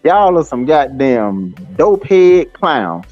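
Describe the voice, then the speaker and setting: A man's voice: fairly high pitch, sing-song, slow pace, a little mellow, no room sound, faint music behind. Profane ranting man. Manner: cursing, taunting, rambling with many fillers. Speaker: livestream host. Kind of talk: profane live-stream rant. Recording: slightly dull lo-fi stream audio.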